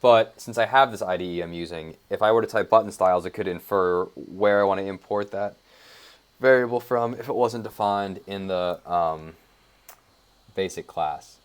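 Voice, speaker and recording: A young web developer talks casually through his code in a screencast tutorial, thinking aloud with plenty of fillers and side remarks. His voice is low-pitched and clean, at a moderate pace.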